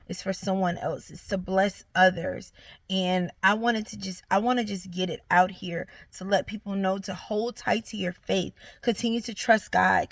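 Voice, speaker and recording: A young woman vlogger offers her viewers an earnest, uplifting faith testimony directly to camera. Her mid-range voice is creaky and a bit bright, with no room sound.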